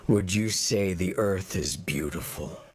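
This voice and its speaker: An ominous disembodied voice of the deep sinks to an extremely low pitch and drags out every word. It presses its questions slowly and menacingly in a game cutscene. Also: female voice, a little mellow, no room sound. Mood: probing. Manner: slow, probing, menacing questions. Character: ominous, mysterious female voice of the deep. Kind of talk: video game cutscene dialogue.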